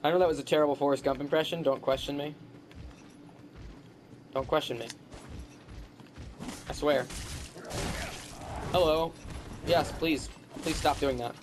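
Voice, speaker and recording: A man talks casually over his gameplay, grumbling and throwing sarcastic jabs at whatever attacks him. His voice sits a little on the high side. A clear, steady hiss of background noise runs under the recording. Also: measured pace, long pauses. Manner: grumbling, sarcastic trash talk at enemies. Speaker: gamer.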